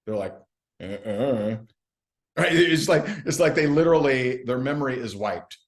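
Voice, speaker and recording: A man's voice: mid-range voice, animated, fairly quick. A man giving a recruiting training talk, telling stories in a chatty, self-mocking way and acting out what people said. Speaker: network marketing trainer.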